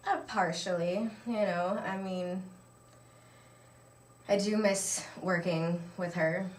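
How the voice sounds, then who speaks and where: Slow, giggly woman guest. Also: lowish voice, steady tone. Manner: giggly, laid-back. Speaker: guest hockey player. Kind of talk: mock interview comedy. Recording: roomy, distant, faint hiss.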